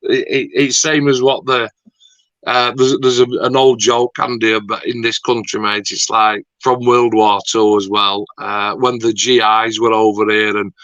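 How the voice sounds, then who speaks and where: A man's voice: lowish voice, level tone, unhurried, fairly bright tone, no room sound. A man, hosting a rambling, casual chat and swearing lightly now and then. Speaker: YouTube host. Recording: dull lo-fi dry sound.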